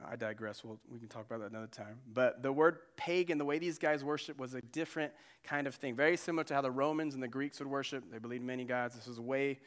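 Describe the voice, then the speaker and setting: A man pastor preaching a sermon, conversational and animated, with side digressions. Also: medium pitch, fast talker, few pauses.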